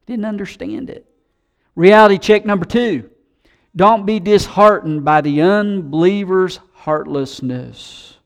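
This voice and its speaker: A man preaching a sermon, animated, who acts out the voices of scoffers he quotes. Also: sits high, a little slow. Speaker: pastor.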